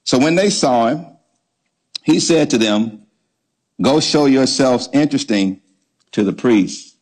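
An animated pastor with a medium-pitched, darkish voice delivers his sermon at a slow pace. He preaches emphatically, repeating words and questioning the congregation for responses.

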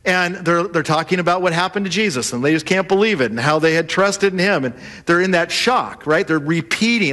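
A man preaching a sermon, telling the story in a lively way and acting out the voices of the people in it. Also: high-pitched, a little fast, few pauses. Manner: animated storytelling, acts out voices of the disciples. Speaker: pastor.

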